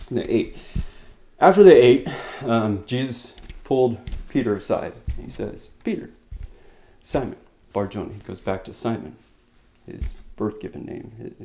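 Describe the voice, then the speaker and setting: Mellow-voiced man preaching a conversational sermon. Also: mid-range voice. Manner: conversational, retells scripture in his own words with fillers; swings from loud emphatic lines to quiet soft-spoken ones. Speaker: pastor.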